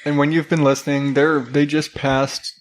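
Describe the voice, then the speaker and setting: A man in his thirties co-hosting a casual podcast, talking about raising his boys in a relaxed, joking way with some mild swearing. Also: fairly high pitch, moderate pace. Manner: laid-back, joking, mildly profane. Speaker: podcast co-host. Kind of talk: casual chat.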